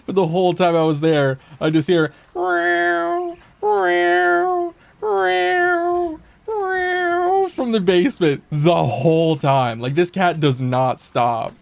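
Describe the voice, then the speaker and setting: A man's voice: a little high, moderate pace, few pauses, a little mellow, dry recording. A man streaming a game, chatting casually, swearing a lot and talking to the characters on screen, with faint game music behind. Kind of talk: casual gameplay commentary.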